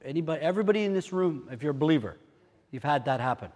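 An older man preaching a sermon as pastor, telling stories in an animated way that rises to excited exclamations, in a church hall. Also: a little high, racing. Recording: long hall reverb.

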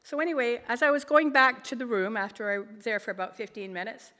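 A woman's voice: fairly high pitch, quick pace, bright, forceful tone, in a large hall. An older woman from Canada telling an emotional personal testimony, earnest, often repeating and restarting her words as she is moved. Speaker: guest sharing a testimony.

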